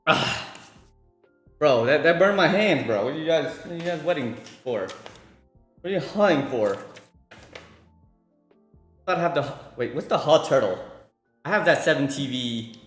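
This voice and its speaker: In an echoey room, a man with a mid-range, fairly bright voice streams while cooking and chats casually with his viewers. He rambles and repeats words, talking to chat in between cooking.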